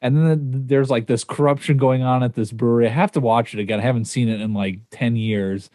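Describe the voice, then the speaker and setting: A man's voice: mid-range voice, fairly even intonation, fairly quick, warm tone, dry recording. A man chats loosely on a podcast, circling back with fillers and chuckling at his own stories. His voice sits in a middle register. The sound is close and dry. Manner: rambling, laughs at himself, many fillers. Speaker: podcast co-host. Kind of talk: casual chat.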